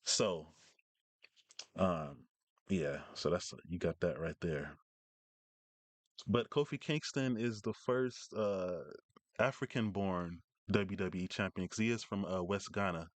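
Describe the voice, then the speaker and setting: A man's voice: low voice, takes it slowly, pauses often, dry recording. A man hosting a casual live stream, rambling through news with many fillers and restarts from his home setup.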